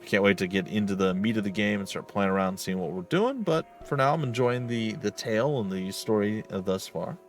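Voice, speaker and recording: A man hosting a let's play video, signing off in a relaxed, chatty way. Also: on the low side, fairly quick, hardly any pauses, faint music behind. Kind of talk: casual gaming commentary.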